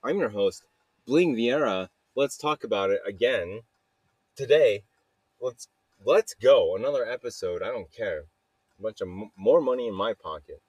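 A man hosts a solo podcast in a loose, rambling way. He laughs often at his own stories. His voice sits low and sounds close and dry. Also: mellow, no room sound. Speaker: podcast host. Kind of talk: casual solo monologue.

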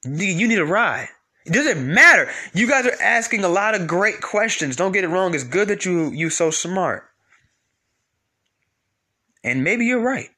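A man preaching about the Bible in a casual, animated way, talking straight to his listeners and repeating lines for emphasis. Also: high voice, measured pace.

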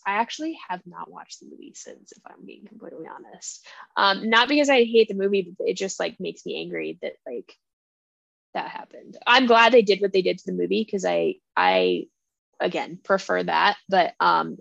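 A woman's voice: mid-range voice, vocal fry, a bit bright, no room sound. A young woman co-hosting a book podcast, chatting casually and emotionally, with lots of "like" and fillers. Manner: gushing, emotional, filler-heavy. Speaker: podcast co-host. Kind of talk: casual chat.

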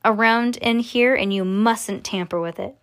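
A woman voicing a calm, eccentric male candy-factory owner in a read-aloud storybook, speaking unruffled and matter-of-fact. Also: on the high side, measured pace.

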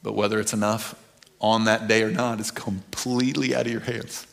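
A middle-aged man, preaching a conversational sermon that swings from quiet and earnest to loud, animated bursts. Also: on the low side, normal speed, vocal fry. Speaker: pastor.

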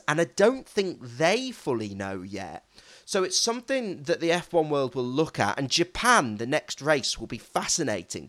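A man co-hosting a podcast, talking in an emphatic, animated way with self-mocking asides. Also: on the high side. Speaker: podcast co-host. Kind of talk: casual chat.

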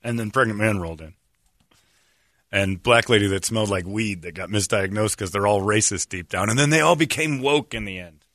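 A man's voice: a little fast, no room sound. A man hosting a radio show, chatting and joking with a laugh and slipping into mocking quoted voices. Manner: animated, laughing, jumps into mocking high-pitched quoted voices. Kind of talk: casual comedic talk radio banter.

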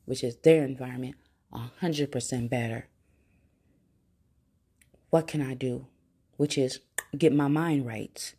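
Low mellow-voiced woman doing a self-help podcast, blunt, slangy, calls you honey. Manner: slow, deliberate when reading affirmations. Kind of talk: motivational talk with affirmations.

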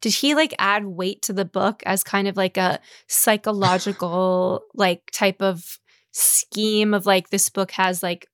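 A woman's voice: mid-range voice, fairly even intonation, unhurried, no echo. A young woman co-hosting a comedy podcast, chatting casually with dry, teasing quips. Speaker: podcast co-host.

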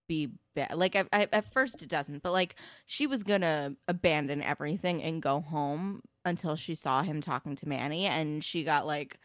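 Podcast co-host, woman, low pitch, dry sound, eager, cursing, filler-heavy chatter. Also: fairly bright tone, no room sound. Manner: enthusiastic, swears freely, many fillers. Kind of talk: casual TV recap chat.

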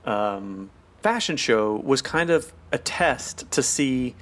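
A man's voice: mid-range voice, lively intonation, slow, fairly bright tone. A man co-hosting a podcast in casual chat, laughing often and playfully quoting characters. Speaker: podcast co-host.

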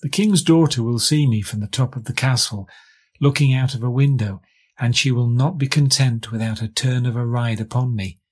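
A man voicing a wise, calm magical male black horse in a storybook reading, speaking low, steady and reassuring. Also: moderate pace, husky, close to an everyday voice.

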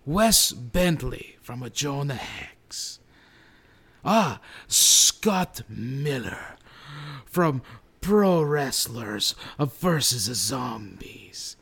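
A man's voice: mid-range voice, big pitch swings, extremely slow, creaky, a bit bright, husky, full character voice. A man impersonating a male movie star who presents awards in a pompous, over-formal way.

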